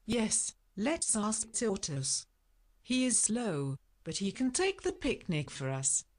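An impatient little duck from a children's storybook, hungry and bossy, always hurrying the others along, as a woman reading aloud puts him on. The voice is slow and unhurried in its delivery despite the eagerness. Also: medium pitch, big pitch swings, darkish tone. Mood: plain.

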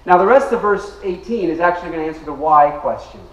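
A man's voice: a little high, expressive, fast talker. A male pastor delivering an emphatic sermon in a church sanctuary. He draws the congregation into call-and-response. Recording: echoey room, mic at a distance.

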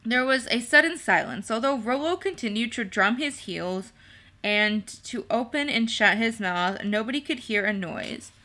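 A woman narrating a storybook chapter in a measured, expressive way. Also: on the high side. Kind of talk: storybook reading with character voices.

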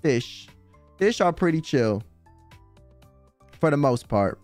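A man's voice: a little high, big pitch swings, slow, a little mellow, dry recording, faint music behind. A man hosting a casual livestream, rambling and profane, with heavy use of "like" and dramatic emphasis. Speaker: livestream host. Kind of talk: casual stream chat.

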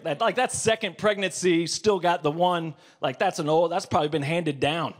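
A man in his forties performing a stand-up comedy set. He tells a story, swinging from muttered asides to loud, exasperated rants. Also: a little high, normal speed, few pauses. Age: 40s.

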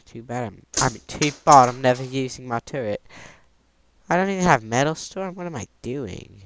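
A man's voice: medium pitch, normal speed, noisy background. A man giving casual, joking commentary over gameplay and bantering with a friend. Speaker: gaming video creator.

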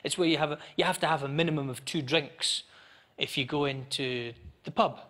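Animated Scottish comedian on stage. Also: male voice, on the high side, fairly quick. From Scotland. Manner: animated, chatty storytelling. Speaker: stand-up comedian. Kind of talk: stand-up comedy set. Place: comedy venue before live audience. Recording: live show with audience laughter.

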